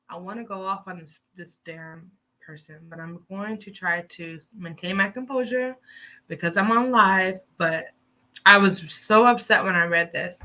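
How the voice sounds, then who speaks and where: A woman's voice: mid-range voice, moderate pace, sharp tone. A woman hosting a live stream, giving heated, emphatic news commentary full of profanity.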